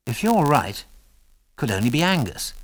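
A man voicing a seasoned male pilot, calm and commanding, who speaks in clipped, matter-of-fact orders. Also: medium pitch, moderate pace, pitched above the performer's own voice, natural voice. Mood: steady.

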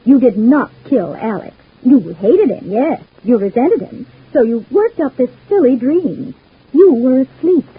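A high, swooping voice that is husky and breathy, coming through a dull, old radio broadcast. A scheming, domineering wife speaks with cold scorn to a husband she controls. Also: animated, unhurried, full character voice. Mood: coaxing. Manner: scornful, coldly menacing. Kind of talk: old-time radio soap acting.

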